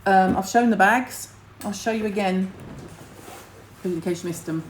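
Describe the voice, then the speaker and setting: A woman's voice: medium pitch, unhurried, a little hiss or hum, rough recording. A middle-aged woman, hosting a casual skincare livestream and chatting to viewers in a blunt, rambling way, with the odd casual swear.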